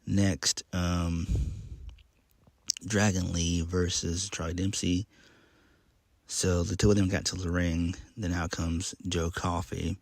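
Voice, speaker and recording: A man's voice: deep voice, level tone, slow pace, vocal fry, pauses often, no echo. A man casually recapping a wrestling show, rambling with many ums and uhs in a laid-back way.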